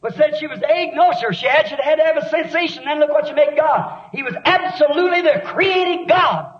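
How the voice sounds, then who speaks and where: A male preacher with a very high, ringing voice delivers a fervent sermon, rising to shouts and then sinking to hushed passages. The recording is dull and lo-fi, like an old tape. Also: expressive, brisk.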